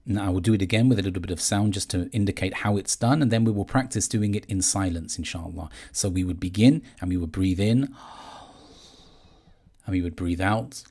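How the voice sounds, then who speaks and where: A man calmly explaining a meditation practice step by step, in a measured teaching manner. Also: low-pitched, breathy edge. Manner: calm, measured, gently explaining. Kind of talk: guided instruction on meditation.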